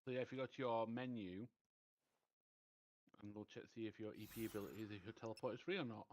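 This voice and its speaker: A man's voice: on the low side, quick pace. A man co-hosting a game stream, casually and helpfully walking his partner through setup steps. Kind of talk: casual gameplay chat.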